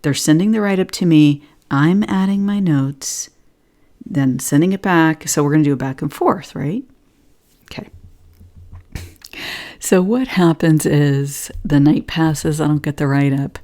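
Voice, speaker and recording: A woman's voice: sits low, a little slow, dark tone. A woman vlogger giving an earnest spiritual talk and telling a personal story, at times half-whispered.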